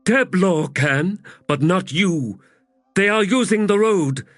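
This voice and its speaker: A man voicing a towering, brash female giant warrior with a loud, stentorian voice and blunt, clipped speech, in an audiobook. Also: high voice, expressive, slow, dry recording, clean studio sound, pitched above the performer's own voice, full character voice.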